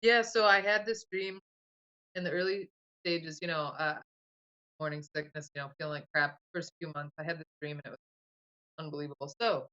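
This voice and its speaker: A woman's voice: low voice, fairly even intonation, brisk, sharp tone, dull audio. Rambling woman recounting a vivid dream. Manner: rambling, vivid dream retelling full of "like" and "you know". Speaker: guest, folk herbalist. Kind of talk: casual storytelling interview.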